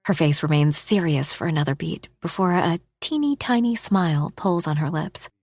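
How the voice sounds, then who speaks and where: Expressive woman narrating an audiobook. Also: low voice, normal speed, dry recording, clean studio sound. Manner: expressive, drops to a whisper for inner thoughts. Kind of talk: first-person scripted narration.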